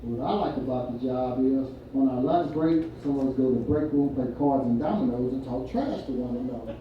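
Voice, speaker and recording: Here a stand-up comedian, an older man, tells folksy stories in a winery event room with a live audience, chuckling at his own punchlines. His mid-range voice moves a little fast. The audio is dull with slight hiss or hum, captured from a distance in an echoey room full of crowd laughter.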